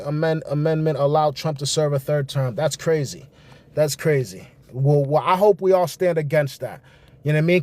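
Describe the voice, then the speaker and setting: High-voiced man ranting on a livestream. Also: no room sound. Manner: animated, rambling, reacts to chat. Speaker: livestream host. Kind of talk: casual political livestream commentary.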